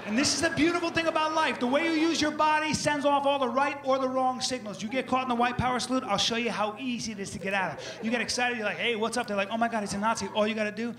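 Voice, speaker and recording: A man's voice: very high voice, fairly even intonation, fast talker, hardly any pauses. A man doing a stand-up comedy set on stage, brash and mock-instructional, acting out his bits for a laughing audience. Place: stage before a live audience. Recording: roomy live venue with crowd noise.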